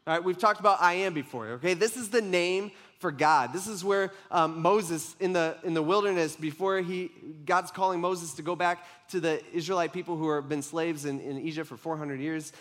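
A man's voice: a little high, moderate pace, hardly any pauses, a bit bright. A young adult man preaching a casual, conversational sermon, tossing in "like" and "right?" as he talks to a congregation.

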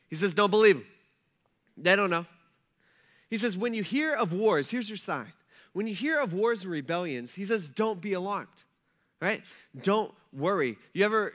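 Animated young man preaching casually. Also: on the high side. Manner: animated, acts out quotes, frequent "right?" and "like". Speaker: pastor. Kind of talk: casual conversational sermon.

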